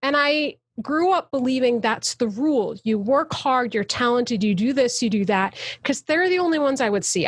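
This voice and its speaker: A woman's voice: a little high, no room sound, studio quality. A woman, a guest actor, talking passionately and emphatically in a casual interview over a video call. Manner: passionate, emphatic, soapbox ranting.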